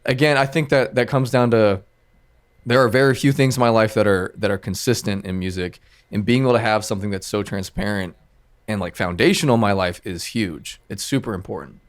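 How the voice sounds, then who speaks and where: A man's voice: fairly low pitch, brisk. A man who is a music producer, a podcast guest talking in a loose, rambling way with lots of fillers. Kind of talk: casual podcast chat.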